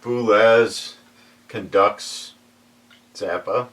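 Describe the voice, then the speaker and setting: A middle-aged man chatting casually and showing off his collection in a record shop, relaxed and chuckling now and then. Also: fairly low pitch, distant mic. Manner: relaxed, unhurried, chuckles while recalling. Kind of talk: casual chat.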